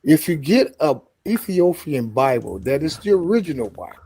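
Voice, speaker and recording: Preachy Chicago man, fairly high voice. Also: sing-song, normal speed, mellow, husky. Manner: preachy, repeats himself, says okay a lot. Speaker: guest. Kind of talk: casual live stream chat.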